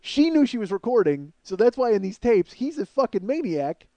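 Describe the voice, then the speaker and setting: A man hosting a comedy podcast, riffing through a profane, animated monologue. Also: high-pitched, normal speed, dry recording, muffled recording.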